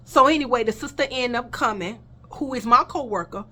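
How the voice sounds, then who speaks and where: A woman's voice: on the high side, a little fast, sharp tone. A woman telling a personal story in a casual vlog, blunt and heated, swearing freely and talking straight to her viewers.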